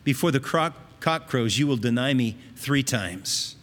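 A man voicing a calm, authoritative male teacher who rebukes a follower in a firm, lowered, measured way. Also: in a large hall.

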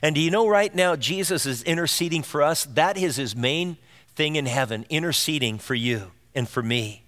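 A man's voice: a little high, normal speed, a bit bright. A man preaching a sermon as pastor, earnest and direct, asking his listeners rhetorical questions. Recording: long reverb of a large hall.

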